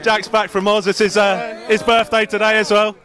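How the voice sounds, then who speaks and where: A man's voice: high-pitched, little pitch movement, moderate pace, fairly bright tone. A man hosting a matchday football vlog outside the ground, bantering with his mates. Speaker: vlog host interviewing fans. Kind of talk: casual matchday vlog chat. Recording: noisy street crowd outdoors. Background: football crowd chatter.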